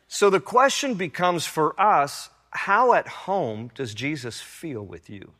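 A male pastor delivers a sermon in a slightly higher-than-usual, bright and forceful voice. He climbs loud and high when he tells a story, then drops soft and low for searching questions. A long reverb trails off each phrase. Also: measured pace, hardly any pauses. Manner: animated storytelling, rising loud and high in anecdotes, dropping soft for reflection.

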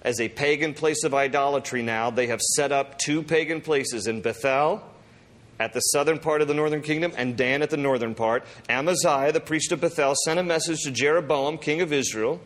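A man preaching a sermon, reading scripture and acting out the speakers in lively voices. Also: on the high side, a little fast. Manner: animated, acts out quotes with voices. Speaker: pastor.

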